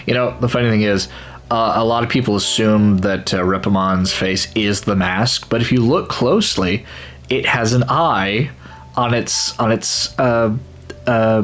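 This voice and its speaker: Male let's-play host, low-pitched, rambling, faint game music behind. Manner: rambling, with many restarts and laughs. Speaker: gaming channel host.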